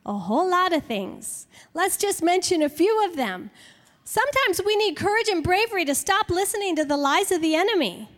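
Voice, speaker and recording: A woman teaching a sermon to women, slow and emphatic, with playful acted-out examples. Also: very high-pitched, very animated, a bit bright, big-room sound.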